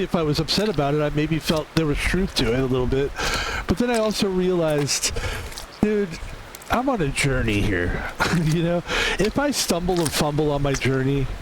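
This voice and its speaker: A man's voice: a little high, background noise. A man streaming a video game, chatting and rambling casually while he plays and laughing now and then. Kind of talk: casual gameplay commentary.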